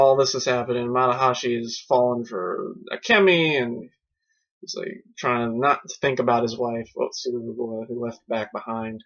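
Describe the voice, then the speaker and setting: A man reviewing a film in a goofy, excitable way, rambling and restarting his sentences. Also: medium pitch. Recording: dull lo-fi recording.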